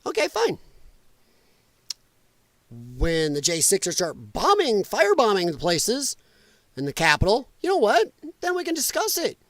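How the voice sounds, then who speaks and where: A man's voice: sits high, no room sound. A man hosting a podcast, giving sarcastic, mocking political commentary over clips and swearing freely. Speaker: podcast host reacting to clips.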